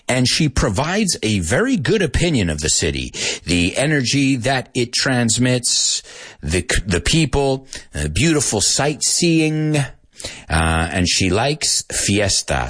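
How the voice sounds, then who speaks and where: Man, radio host, English lesson, animated pitch, slightly husky, switches into Spanish. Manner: lively, mixes English with Spanish asides. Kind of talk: casual radio lesson chat.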